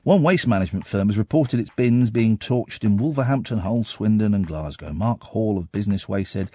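A man's voice: fairly low pitch, animated, moderate pace, few pauses, warm tone, slightly rough, dry recording, clean studio sound. A man in his forties from Yorkshire with a Yorkshire accent, hosting a radio show with sardonic, self-mocking chat about the news. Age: 40s. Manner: sardonic, self-mocking, reads news items then riffs on them. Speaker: radio host. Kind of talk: casual radio monologue.

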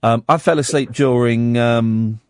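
A man's voice: mid-range voice, measured pace, clear, resonant tone, dry recording, studio quality. A man hosting a radio phone-in, chatting casually and jokingly with many fillers and restarts. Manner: animated, jokey, lots of fillers and restarts.

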